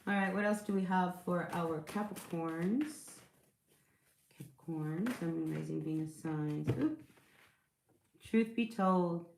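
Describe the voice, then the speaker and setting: A woman's voice: lowish voice, takes it slowly, vocal fry, darkish tone, reverberant, slight background noise. A woman giving a casual tarot reading to her viewers, chatty and reassuring, often checking in with "all right?" and "you know". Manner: chatty, reassuring, with many fillers and rhetorical check-ins. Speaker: tarot reader.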